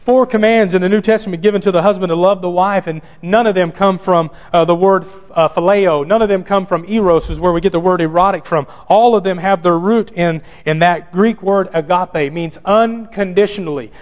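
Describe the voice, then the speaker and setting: Emphatic preacher with a high voice. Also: male voice, brisk, few pauses. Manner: emphatic, repeats key phrases, addresses listeners directly. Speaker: pastor. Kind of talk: sermon. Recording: dull church recording with long reverb.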